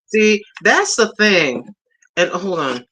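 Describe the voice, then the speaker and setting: A woman from Puerto Rico hosting a casual livestream chat, talking in an excited, effusive way and repeating herself. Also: medium pitch, slow, crowd noise. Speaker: livestream host.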